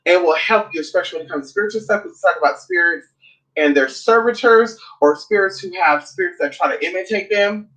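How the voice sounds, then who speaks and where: A man with a high, bright voice hosts a casual livestream as a spiritual teacher. He talks in a sassy, animated way and swears freely, chatting with his viewers. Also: brisk, poor audio. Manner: sassy, animated, profane storytelling.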